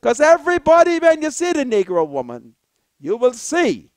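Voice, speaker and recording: A Bahamian woman hosting a political talk show, giving an impassioned monologue in a preacherly way that rises to shouted appeals. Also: high voice, wildly swooping pitch, normal speed, no room sound. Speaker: political commentator, show host.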